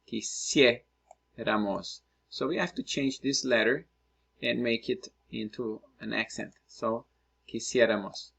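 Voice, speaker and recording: Slow, patient male Spanish teacher. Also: medium pitch, gravelly, a bit bright, husky. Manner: slow, patient, thinking aloud while writing. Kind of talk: screen-recorded lesson, working through exercises.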